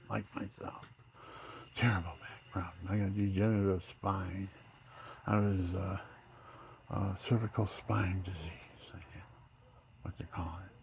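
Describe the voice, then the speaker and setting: A man in his seventies talking in a rambling personal monologue, drifting between loud outbursts and near-whispers. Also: lowish voice, creaky, a little hiss or hum. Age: 70s. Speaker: vlogger.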